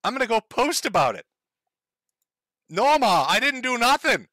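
A dim-witted young son whines defensively, voiced by a man. The voice rises high and bright, and the delivery is dry and close. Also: sing-song, moderate pace, dry recording, full character voice. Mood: whiny.

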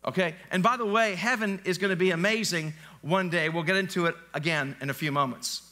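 A man's voice: high-pitched, brisk, sharp tone. A male pastor preaching a live church sermon in a conversational, joking way, often quizzing the congregation. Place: church sanctuary, live service.

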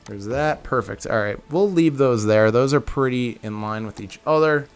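A man with a medium-pitched, clear, resonant voice at normal speed makes video game tutorials. He gives casual commentary on a building tutorial, chatting to viewers as "guys" and thinking aloud as he corrects himself.

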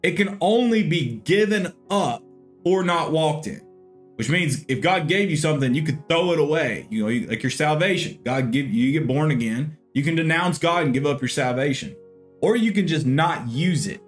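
A man's voice: a little high, expressive, moderate pace, faint music behind. A man, a pastor, teaching a Bible lesson in an earnest, conversational way. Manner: earnest, conversational, with frequent "you know".

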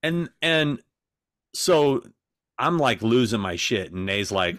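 An animated man co-hosting a podcast, with a voice that swoops up and down as he tells stories. He swears freely and acts out the people he quotes. The sound is close and dry, with no room around it. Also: medium pitch, slow, no echo. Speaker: podcast co-host. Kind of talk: casual chat.

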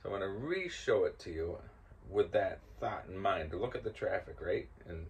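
An older man hosting and casually telling a story, growing loud and laughing as it builds. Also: sits low, animated, moderate pace. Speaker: host.

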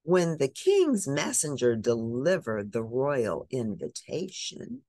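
A woman reading a picture book aloud, expressive and animated. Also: a bass voice, slow, no echo. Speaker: storybook reader.

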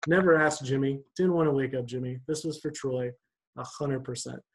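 A young man giving a church devotion, telling a personal story in an animated, conversational way. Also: mid-range voice, normal speed, poor audio.

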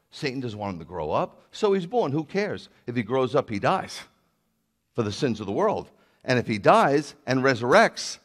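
A man preaching as a rabbi, emphatic and building to loud declarations. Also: a little high. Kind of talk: sermon.

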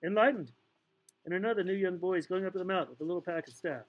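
A man's voice: high-pitched, expressive, very fast, lo-fi sound. A man reading a novel aloud in a loose, playful way, stumbling now and then and making asides. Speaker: audiobook reader. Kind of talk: casual read-aloud narration.

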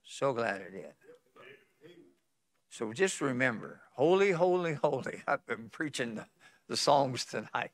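A man preaching a revival sermon at a conference, swinging from loud pleading to hushed tones, with folksy chuckles between phrases. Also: medium pitch, sing-song, unhurried, long pauses. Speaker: pastor. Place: conference hall.

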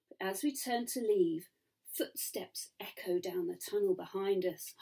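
A woman's voice: mid-range voice, a little slow, creaky, warm tone, slightly rough. A woman, a children's author, reading her picture book aloud and talking to young listeners about the pictures. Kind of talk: storybook read-aloud for children.

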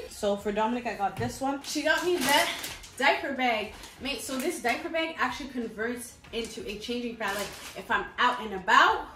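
An excitable young woman talks through her baby gifts in a chatty, upbeat vlog, often calling her viewers "mates". Her voice sits a little high. The sound carries a noticeable room echo. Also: brisk, background noise. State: pregnant, briefly out of breath. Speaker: vlogger. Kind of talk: casual haul vlog. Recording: echoey room.

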